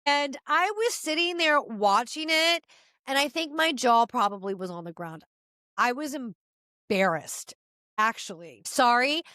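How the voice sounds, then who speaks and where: Animated, exasperated woman podcast host. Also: sits high, normal speed, clear, resonant tone, no room sound, clean studio sound. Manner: animated, exasperated ranting with frequent asides. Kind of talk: opinionated casual commentary.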